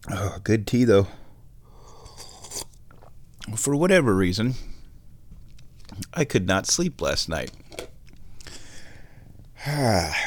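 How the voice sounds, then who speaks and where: A man chatting casually on his stream, meandering and correcting himself, and sometimes talking to his cat in a high baby voice. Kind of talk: casual rambling chat.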